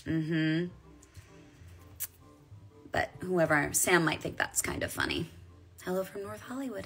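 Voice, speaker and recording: A woman's voice: on the low side, very animated, measured pace, fairly bright tone, soft background music. A woman in her forties, a voice actress chatting casually on a live stream while signing autographs and reading fan comments aloud. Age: 40s.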